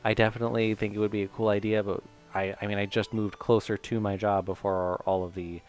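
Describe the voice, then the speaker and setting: A Michigan man streams a video game and chats casually in let's-play style, rambling, poking fun at himself, and using lots of fillers. His voice is lowish and his delivery flat and brisk, with faint music in the background.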